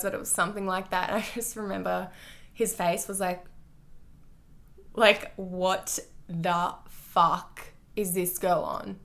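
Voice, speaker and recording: A young woman telling a personal storytime to her vlog viewers, candid and full of "like" fillers and swearing. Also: mid-range voice. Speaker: vlogger.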